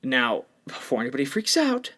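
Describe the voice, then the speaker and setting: A man's voice: mid-range voice, wildly swooping pitch, normal speed, fairly bright tone. A man co-hosting a podcast, talking bluntly and with strong opinions in a casual discussion. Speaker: podcast co-host.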